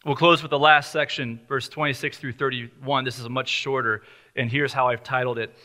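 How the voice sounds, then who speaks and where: A man's voice: medium pitch, steady tone, brisk, pushed and bright. A male pastor preaching an earnest, emphatic sermon full of rhetorical questions.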